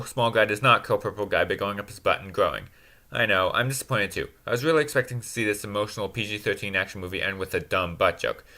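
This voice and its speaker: A man giving a sarcastic, self-mocking comedy recap of a movie in a deadpan, snarky way. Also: lowish voice. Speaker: movie reviewer.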